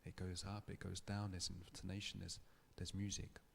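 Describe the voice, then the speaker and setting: Low gravelly man giving a lecture. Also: monotone, slight background noise. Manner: thoughtful, measured storytelling with restarts. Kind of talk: public lecture. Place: lecture hall.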